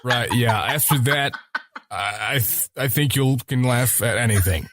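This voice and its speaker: A man co-hosting a podcast in casual chat, animated, joking and swearing freely. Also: mid-range voice, unhurried, no room sound, clean studio sound. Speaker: podcast co-host.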